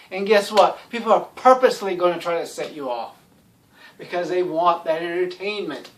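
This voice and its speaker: Rambling, blunt man with a high-ish voice. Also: moderate pace, distant mic. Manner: rambling, heavy on "you know" fillers; blunt and sarcastic. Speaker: YouTube commentator. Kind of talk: casual rambling monologue.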